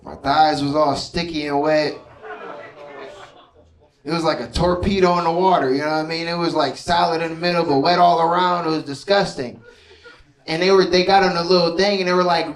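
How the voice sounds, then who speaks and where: Here a man in his thirties does stand-up before a laughing crowd at a comedy club, his voice a little high, steady, and fairly quick. He keeps things conversational, regularly asking "you know what I mean," and the live sound is roomy and distant, full of laughter.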